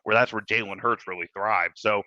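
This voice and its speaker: A man's voice: fairly low pitch, steady tone, fairly quick, sharp tone, dry recording, lo-fi sound. A man co-hosting a casual sports show, laid-back and analytical. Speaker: co-host.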